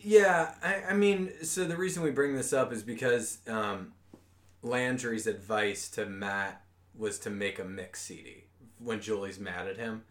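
A man's voice: lowish voice, measured pace. Swearing, joking male podcast co-host. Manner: joking, swears freely, animated bursts. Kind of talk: casual podcast chat.

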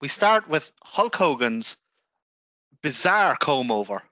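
A man co-hosting a radio show, joking and telling animated stories in casual chat. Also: on the high side, slow pace, no room sound. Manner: jokey, animated storyteller. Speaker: radio co-host.

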